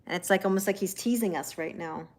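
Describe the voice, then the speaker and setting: A woman hosting a live tarot stream from home, chatting casually with viewers, reading out their comments and answering them, and cooing to her cats in a high baby-talk voice. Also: quick pace, darkish tone. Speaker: tarot reader hosting a livestream.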